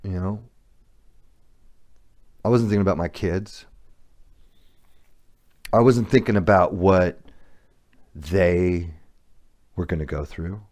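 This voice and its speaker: A man's voice: sits low, steady tone, takes it slowly, long pauses, a little mellow. A middle-aged man hosting a podcast, telling a candid personal story in a blunt, profane, confessional way. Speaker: podcast host.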